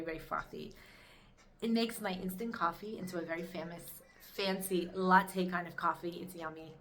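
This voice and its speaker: A woman giving an inspirational Torah talk, telling a personal story in an animated, expressive way. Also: medium pitch. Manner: animated storytelling, rising to excited peaks. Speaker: Torah teacher.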